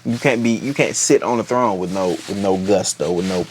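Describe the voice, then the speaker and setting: A man's voice: low voice, moderate pace, a little hiss or hum. A man giving a casual, gossipy and profane episode recap, full of slang. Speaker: TV show reviewer.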